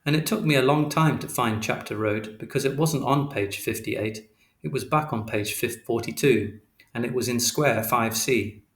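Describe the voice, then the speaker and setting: Male narrator, audiobook reading, steady and literal, medium pitch, echoey room. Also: normal speed. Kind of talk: scripted narration. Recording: roomy echo.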